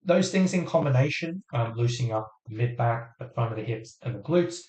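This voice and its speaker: A man hosting a live fitness Q&A who explains things step by step in a casual way, with lots of fillers, while his voice is going hoarse. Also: mid-range voice, lively intonation, a little fast, darkish tone, slight background noise. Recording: roomy echo.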